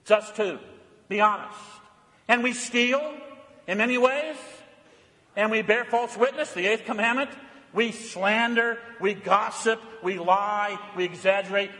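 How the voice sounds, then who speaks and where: A man preaching a sermon as pastor, earnest and fervent, swinging between emphatic lines and hushed, low passages. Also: moderate pace. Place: church sanctuary. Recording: long reverb of a church hall.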